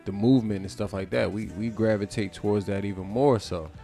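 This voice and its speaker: A man's voice: on the low side, brisk, creaky, faint music behind. Rambling man in casual talk. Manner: rambling, many restarts, grows animated. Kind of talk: casual discussion.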